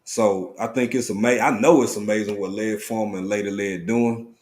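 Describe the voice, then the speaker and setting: This live stream host has a fairly low voice and a brisk delivery, drawling casually while he welcomes viewers by name, sometimes erupting with excitement.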